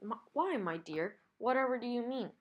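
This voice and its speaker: A woman's voice: fairly high pitch, lively intonation, normal speed, lo-fi sound. A woman reading aloud and voicing a genteel, fussy male crime boss from a comic book.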